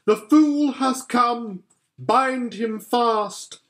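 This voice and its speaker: A man reading a storybook, voicing a cold, commanding female witch queen with shrill, imperious orders. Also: very slow, a bit bright, exaggerated voice. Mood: gloating. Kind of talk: audiobook character voice.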